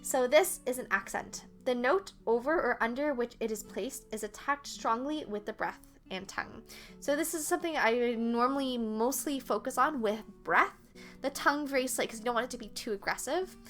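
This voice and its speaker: Bright-voiced woman teaching flute. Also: on the high side, normal speed, faint music behind. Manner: patient, step-by-step instruction with counting aloud. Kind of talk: online music lesson.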